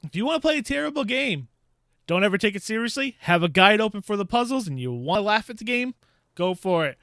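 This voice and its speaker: A man's voice: high-pitched, sing-song, quick pace, a bit bright, no room sound, clean studio sound. Exasperated, laughing gaming YouTuber man. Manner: exasperated, laughing storyteller who acts out his own reactions. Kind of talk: casual ranting game review.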